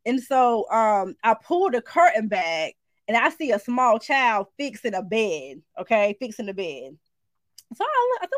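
Animated woman telling a dream story. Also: on the high side, moderate pace, no room sound. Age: adult, married mother. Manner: animated storytelling, shifts into acted quotes, informal speech. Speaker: Christian speaker sharing a prophetic dream. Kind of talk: casual spoken message to viewers.

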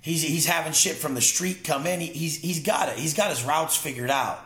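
A man's voice: fairly high pitch, moderate pace, sharp tone, roomy sound. A man talking as an interview guest, intense and profane, telling emphatic stories in casual conversation. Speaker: podcast guest.

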